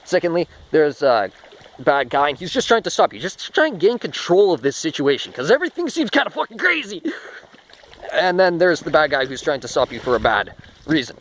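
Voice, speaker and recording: A man's voice: fairly high pitch, expressive, a little fast, slight background noise, poor audio. A man talking through a rambling spoken monologue, restarting often and swearing casually. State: short of breath.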